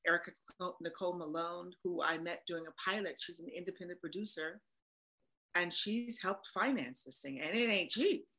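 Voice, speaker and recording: A woman's voice: on the low side, moderate pace, bright, forceful tone, rough recording. A woman, a voice actor and producer, talking animatedly and with emphasis as a guest in a casual interview.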